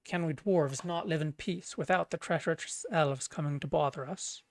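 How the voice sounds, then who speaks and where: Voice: medium pitch, normal speed, dry recording, clean studio sound, lightly acted. A streamer voicing a proud, suspicious dwarf chieftain while reading game dialogue aloud, scornful in manner. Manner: scornful, mocking laughter.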